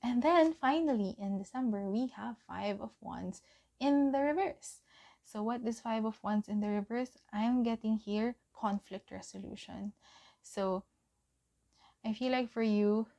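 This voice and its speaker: Young woman tarot reader, slow unhurried talk, mellow dark tone, giggly and encouraging. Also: a little high, creaky. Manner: gentle, encouraging, giggly with frequent ums. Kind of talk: pick-a-card tarot reading.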